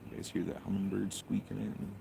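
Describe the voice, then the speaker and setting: Low-voiced man chatting on a livestream. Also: quick pace, creaky, background noise. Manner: relaxed and chatty, greets viewers. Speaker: livestream host. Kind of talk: casual livestream chat. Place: outdoors in a yard.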